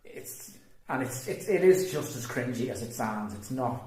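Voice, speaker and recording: A man's voice: medium pitch, expressive, normal speed, warm tone. A man co-hosting a casual movie review chat, rambling and restarting his words. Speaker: podcast co-host. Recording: very echoey room, faint noise.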